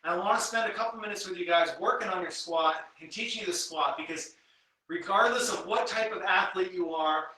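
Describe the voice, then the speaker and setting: A man's voice: high-pitched, brisk, pushed and bright, distant mic. A man who works as a strength coach, leading a live workout at home and counting reps aloud while he explains form step by step. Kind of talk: live guided workout instruction. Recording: very echoey room, voice from away from the mic.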